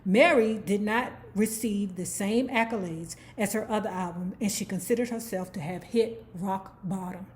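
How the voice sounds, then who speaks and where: A woman's voice: medium pitch, normal speed, hardly any pauses, a little hiss or hum. A woman hosting her own channel, telling a celebrity life story in casual, gossipy commentary, swearing freely and now and then breaking into song. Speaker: YouTube host.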